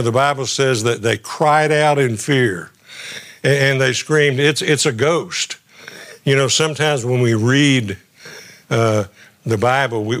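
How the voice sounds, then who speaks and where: A man's voice: mid-range voice, fairly bright tone. A middle-aged male guest pastor preaching a sermon in a conversational way, often stumbling and repeating his words as he goes.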